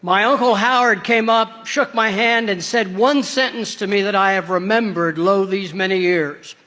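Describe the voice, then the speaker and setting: An older man from Southern Illinois, a retired pastor, giving a measured conference address with wry storytelling asides. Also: sits high, bright, forceful tone. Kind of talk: formal conference address with humor. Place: large conference hall. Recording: long reverb of a large conference hall.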